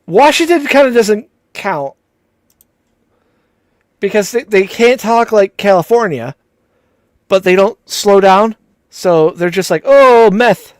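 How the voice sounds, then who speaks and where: A man's voice: sits high, slow pace, pauses often, no echo. A man co-hosting a live stream, rambling in casual, profane banter and laughing often. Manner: rambling, profane, laughs a lot, mimics accents. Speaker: co-host of a live show.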